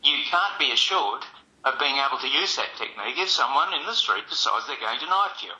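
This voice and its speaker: Brief: older male martial arts teacher on a tinny phone line with room echo, calm and explanatory. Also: medium pitch, fairly quick. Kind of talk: casual chat.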